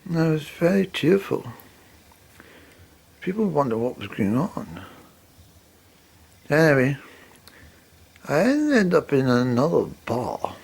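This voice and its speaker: A man telling a long rambling story about his own life. His voice is gravelly and husky, and it swings up and down a great deal as he goes. He swears now and then. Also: a little high, sing-song, takes it slowly, pauses often, a little mellow.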